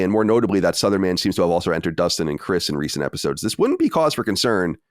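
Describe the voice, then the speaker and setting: A low-pitched man chatting on a podcast, loose and rambling with a self-deprecating streak. His voice swings widely in pitch, and the close microphone sounds dry. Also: no room sound. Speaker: podcast host. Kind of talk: casual podcast chat.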